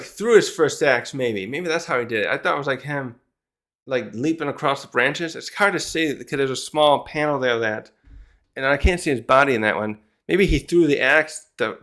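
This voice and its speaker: A man's voice: medium pitch, a bit bright. A man hosting his own channel, recapping and reacting to a comic chapter in casual commentary, thinking aloud as he goes. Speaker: manga chapter reviewer, channel host.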